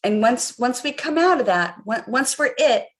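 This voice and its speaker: A woman's voice: fairly high pitch, lively intonation, normal speed. A middle-aged woman coaching viewers on a live stream, guiding them through a visualization in an earnest, repetitive way. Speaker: life coach.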